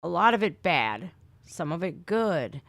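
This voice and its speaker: A woman's voice: fairly low pitch, sing-song, a little slow, creaky, a bit bright, no echo. A middle-aged woman from Northeast Ohio hosting a casual livestream, chatting with viewers and swearing freely. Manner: chatty, swears freely, says "man" and "dude". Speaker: livestream host. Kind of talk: casual livestream chat reading comments.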